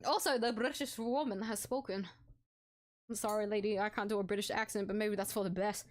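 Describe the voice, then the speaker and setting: A woman's voice: medium pitch, steady tone, fairly quick. A woman casually commenting while playing a game, thinking aloud in a chatty way. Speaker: game streamer. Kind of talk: casual let's-play commentary.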